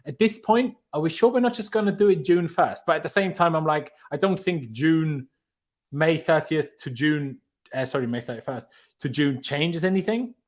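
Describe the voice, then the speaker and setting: A fairly high-voiced man, hosting a football fan livestream. He rambles in easygoing chat, laughs often and pads his talk with fillers. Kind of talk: casual chat.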